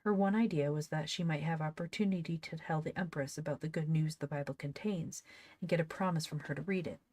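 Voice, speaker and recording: A woman's voice: low voice, a little fast, darkish tone, no room sound. A woman reading an old storybook aloud, now and then breaking off to laugh and comment on it. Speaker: reader of an old book. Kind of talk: casual read-aloud with asides.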